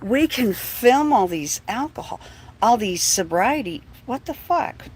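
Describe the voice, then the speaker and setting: A woman's voice: a little high, lively intonation, a little slow, noisy background. A woman from Texas filming police from her car, with a mocking running commentary full of swearing. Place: inside a parked vehicle.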